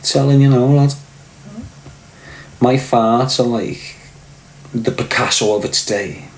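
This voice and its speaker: Slow-paced and mid-range in pitch, a middle-aged Liverpool man hosts a stream full of crude, swaggering, profane storytelling. He replies to viewers by name, and the audio carries a roomy echo.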